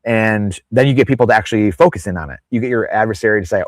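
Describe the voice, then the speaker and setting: A man with a fairly low voice talks fast with few pauses as a podcast guest in a casual interview. He rambles off on tangents and acts out the people he quotes in exaggerated voices, and the recording is dry.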